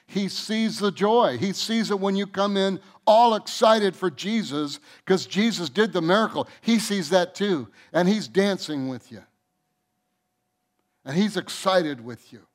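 A man's voice: high-pitched, measured pace. Earnest male pastor preaching. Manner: earnest, with repeated restarts and soft drops in volume. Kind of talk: sermon. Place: church sanctuary.

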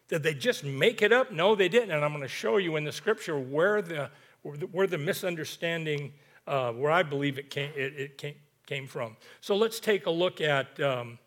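A man's voice: a little high, a bit bright. A man preaching a sermon, reading scripture in an emphatic, rhythmic way that builds to peaks, then dropping into conversational asides to the congregation.

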